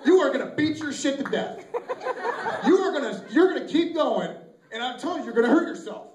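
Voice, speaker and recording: A man works through a rowdy stand-up set, his voice sitting high and leaping around in pitch as he acts out voices and shouts his punchlines. It was caught on a home camcorder far across an echoey room. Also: expressive, fairly quick, noisy background. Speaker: stand-up comedian. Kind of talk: stand-up routine. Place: small venue with live audience. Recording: echoey amateur video from a distance.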